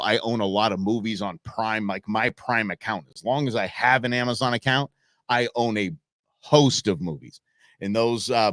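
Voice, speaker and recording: A man's voice: lowish voice, fairly bright tone, dry recording, studio quality. A middle-aged man from the Los Angeles area hosting a live show, ranting casually and answering his chat. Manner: opinionated, ranting, talks back to chat.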